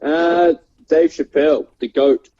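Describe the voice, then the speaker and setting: Young Australian male comedian, rambling storyteller who laughs a lot; mellow, husky voice, dull recording. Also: fairly high pitch, steady tone, slow pace. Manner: laughing often, rambling with many fillers. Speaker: stand-up comedian guest. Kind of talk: casual storytelling chat. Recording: dull lo-fi sound.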